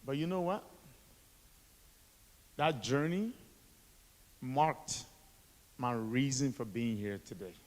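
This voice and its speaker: The speaker is a man in his forties from Liberia, an author and activist invited to give a motivational school assembly speech. He takes it slowly and pauses often, his medium-pitched voice darkish in tone, while he shares his story and asks the audience rhetorical questions in an echoey hall.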